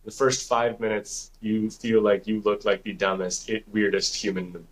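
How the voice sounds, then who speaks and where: A man's voice: lowish voice, level tone, moderate pace. A man co-hosting a podcast, telling a story in a rambling, casual way, swearing freely and saying "like" and "dude" a lot. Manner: rambling, profane, heavy use of "like" and "dude". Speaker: podcast co-host.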